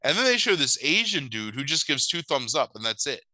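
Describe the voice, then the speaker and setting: A man retelling a movie plot on a podcast, sarcastic and swearing as he goes. His voice is bright and crisp. The sound is dry and close. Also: medium pitch, brisk, no echo, poor audio. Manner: sarcastic, profane, animated storytelling. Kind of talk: comedic movie recap.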